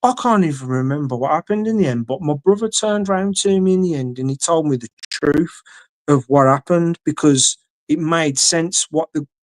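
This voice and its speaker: A man's voice: on the high side, normal speed, dry recording. An English man telling a long story in casual chat, swearing freely and acting out what people said. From England. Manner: swears freely, acts out quoted dialogue. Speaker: guest.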